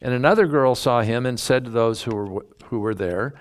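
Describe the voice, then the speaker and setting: A man's voice: mid-range voice, normal speed, few pauses. A man preaching a sermon, teaching through a Bible passage in a folksy, emphatic way and drawing out key words. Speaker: pastor.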